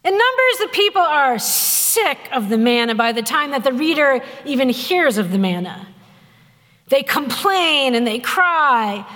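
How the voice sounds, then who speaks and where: Bright high-voiced woman preaching wryly. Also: a little slow, big-room sound. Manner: conversational, wry storytelling with lively voiced quotes. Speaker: pastor. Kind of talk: sermon. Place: church sanctuary.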